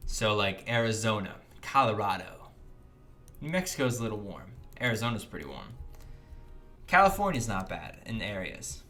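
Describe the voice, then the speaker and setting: Brief: young American man hosting a gaming livestream, bright voice, lively pitch that jumps when greeting chat. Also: moderate pace, faint music behind. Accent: General American. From United States. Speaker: livestream host. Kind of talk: casual livestream chat reading donations.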